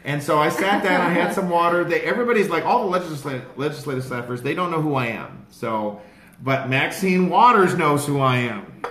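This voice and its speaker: Excited man telling a heated story, echoey. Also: a little high, a little fast. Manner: excited, rambling, grows louder and more heated. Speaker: activist recounting his day. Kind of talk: casual storytelling to a small group. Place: outdoors in a city, among supporters. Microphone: handheld phone held by a bystander. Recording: echoey with background noise.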